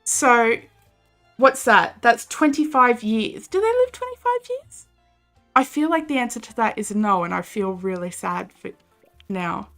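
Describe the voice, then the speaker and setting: A woman's voice: on the high side, measured pace, fairly bright tone, faint music behind. A young Australian woman chatting casually and animatedly while streaming a game, reading chat and laughing often.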